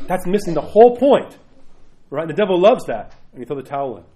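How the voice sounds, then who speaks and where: Fast-talking priest giving a lively sermon. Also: male voice, fairly high pitch, a little hiss or hum. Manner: acts out inner voices in quotes; conversational, often adds "right?". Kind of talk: teaching talk to a congregation.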